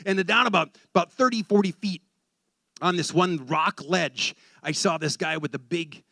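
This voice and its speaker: A man preaching, telling a story with excitable energy and acting out the voices in it. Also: sits high, normal speed, no room sound. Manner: animated, excitable storyteller who acts out voices. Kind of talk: sermon storytelling.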